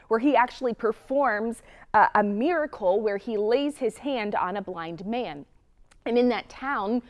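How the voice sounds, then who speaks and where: A woman preacher giving a sermon, earnest and reflective, often asking the listener rhetorical questions. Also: mid-range voice.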